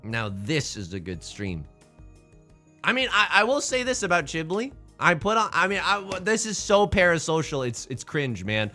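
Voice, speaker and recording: Young man, game streamer, lively swooping voice, bright tone, jokey banter, faint music behind. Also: on the high side, moderate pace. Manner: jokey, animated, talks to chat and reacts loudly to tiles. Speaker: Twitch streamer. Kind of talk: casual live-stream commentary while playing mahjong.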